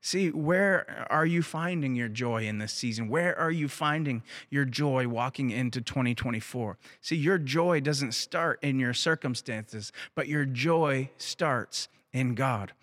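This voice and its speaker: A man's voice: mid-range voice, unhurried, few pauses, a bit bright. A man preaching a sermon as pastor, emphatic and repeating phrases for weight. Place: church.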